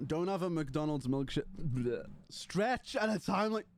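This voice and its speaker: A man's voice: on the high side, lively intonation, unhurried. A young man streaming live and chatting casually with his viewers, rambling and joking with some swearing.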